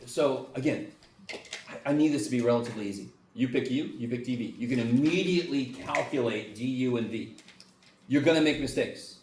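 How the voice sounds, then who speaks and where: A man's voice: mid-range voice, fairly quick, distant mic. Male math lecturer, loose and jokey with salty language, recorded from across an echoey classroom with faint room hum. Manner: casual, joking, swears freely, animated.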